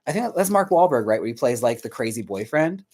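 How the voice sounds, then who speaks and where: This man has a mid-range, slightly mellow voice with a breathy edge, big swings in pitch, and a slightly fast pace. While painting dolls on his livestream he chats casually with viewers, rambling, swearing, laughing often, and searching his memory aloud.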